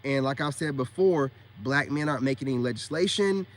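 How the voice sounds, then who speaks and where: A man's voice: medium pitch, fairly quick. A man in a ranting monologue to his viewers, blunt and scolding as he makes his points. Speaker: online commentator.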